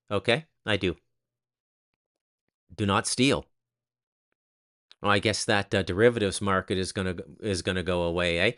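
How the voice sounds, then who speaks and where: A man with a lowish voice and a bright, cutting edge talks off the cuff in a casual commentary. He is blunt and crude, and he jabs sarcastic asides at the listener. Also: smooth. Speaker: host.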